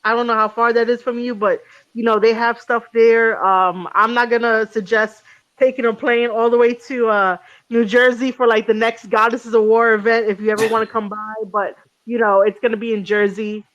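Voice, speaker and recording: A woman's voice: a little high, steady tone, normal speed, a bit bright, lo-fi sound. A woman hosting a podcast in casual chat, rambling with lots of ums and restarts and cursing freely. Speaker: podcast host.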